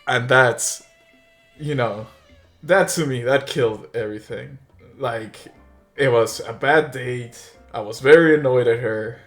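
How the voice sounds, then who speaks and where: A man's voice: medium pitch, a little slow, a bit bright, soft background music. A young man casually recounting a story as a vlogger, rambling with lots of filler words and chuckling now and then.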